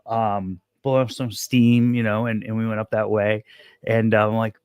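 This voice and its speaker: A middle-aged man, a guest on a casual podcast, telling a story with lively acted-out dialogue. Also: lowish voice, moderate pace, clean tone, dry recording. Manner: animated storyteller who acts out quoted dialogue.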